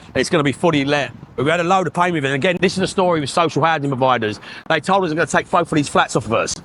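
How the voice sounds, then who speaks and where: A man's voice: on the high side, fairly bright tone, a little hiss or hum. A man with a Northern English accent giving a casual walking-tour vlog about his properties, blunt and chatty, telling stories and swearing now and then. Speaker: property investor vlogger. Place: outdoors on a street.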